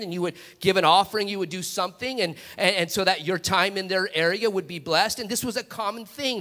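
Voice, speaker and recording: Bright high-voiced male preacher. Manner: animated storytelling, repeated restarts. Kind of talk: sermon. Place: large church sanctuary. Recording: long church hall reverb.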